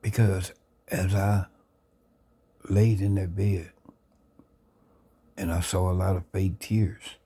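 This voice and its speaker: A man earnestly sharing his life story into a phone camera, reflective and unhurried. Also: low voice, flat delivery, dark tone, husky. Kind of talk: personal testimony, casual talk.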